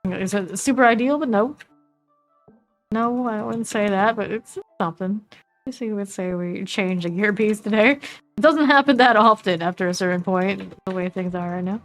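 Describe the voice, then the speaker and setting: A woman with a Southern US accent, casually commenting while she plays a game, chatty and relaxed as she reads out item names. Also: mid-range voice, normal speed, soft background music. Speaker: streamer.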